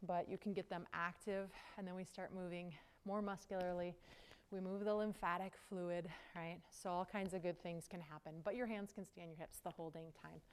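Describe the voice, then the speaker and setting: A woman leads a yoga class in a smooth, clear voice that sits a little low. She is winded from moving along with her students. She keeps her cues easygoing and conversational, tagging many of them with "right?". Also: steady tone, brisk. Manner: casual, chatty cues with frequent "right?". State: out of breath. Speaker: yoga teacher. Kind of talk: guided yoga class instruction.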